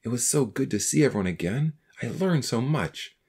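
Guy putting on a low husky earnest teen boy voice, lively ups and downs, storybook. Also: normal speed. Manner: earnest, a little awkward. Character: earnest teenage boy, newly baptized, eager to encourage.

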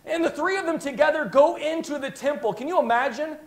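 A man's voice: extremely high pitch, brisk. A male preacher telling a Bible story in a sermon with passionate, dramatic storytelling. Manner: impassioned storytelling, dramatic retelling.

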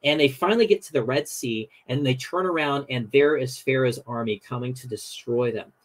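A man who is a podcast guest tells stories in a casual, animated way, using many "you know" fillers. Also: medium pitch, a little fast, rough recording. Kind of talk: casual storytelling chat.

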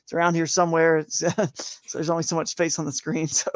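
A man's voice: on the high side, completely flat delivery, fast talker. A man chatting as a guest on a live interview show, rambling and upbeat, saying "man" and "dude" a lot. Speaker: guest, tournament kayak angler.

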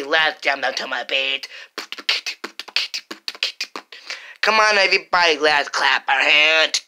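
A woman voicing a cheerful childlike toy tiger, with slow, bubbly, sing-song phrases for small children. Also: low-pitched, background noise.

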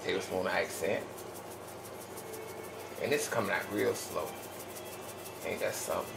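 A man's voice: low voice, moderate pace, vocal fry. A tired man hosting a casual cooking demonstration in his home kitchen, chatting folksily to viewers as y'all. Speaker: home cook and channel host. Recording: echoey kitchen from a distance, noisy background.

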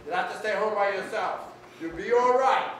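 A man's voice: high voice, normal speed, a bit bright, a little hiss or hum. A man voicing a caring mother who soothes and warns her daughter, recorded far off in an echoey school hall. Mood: cautioning. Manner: soothing, cautioning. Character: caring mother, gentle and warning.

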